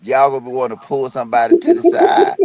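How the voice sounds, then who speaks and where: A man chatting loudly and jokingly in a group, teasing others and doing quick impressions. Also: medium pitch. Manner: loud, joking, animated, mocking impressions. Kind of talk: casual joking chat.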